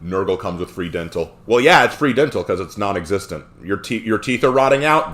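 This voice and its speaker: A man streaming live, reading and answering chat questions in a rambling, animated way with frequent fillers. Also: fairly low pitch, normal speed.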